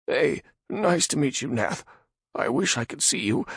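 A man voicing a fat male prisoner who is terrified of the dark, shrill and whining in a high, frightened voice. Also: expressive, unhurried, breathy edge, dry recording, studio quality, heavily acted. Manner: whiny and frightened.

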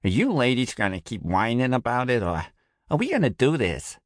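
A man's voice: mid-range voice, huge pitch swings, normal speed, no room sound, voice pushed up. A man voicing a curt, dry young woman teammate with a Bronx accent, in a storybook reading.

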